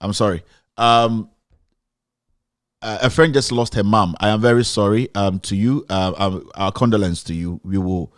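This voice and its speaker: A man hosts a live online broadcast in a slightly low voice and talks haltingly, often pausing and restarting. The studio sound is close and dry. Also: steady tone, dry recording. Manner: halting, with many pauses and restarts. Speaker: host of a live online TV show. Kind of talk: live broadcast chat, thanking donors.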